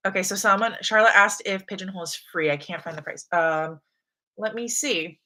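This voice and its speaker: A woman's voice: mid-range voice, fairly quick. A young woman from the States hosting a casual reading livestream, chatting easily and reading out viewers' messages. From United States. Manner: relaxed, chatty, reads chat aloud. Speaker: livestream host.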